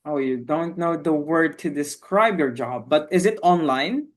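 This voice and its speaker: A teacher runs an online English class over a video call, with a voice at a middling pitch. The manner is patient and encouraging, full of quick praise as students answer. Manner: encouraging, repeats "okay, very good".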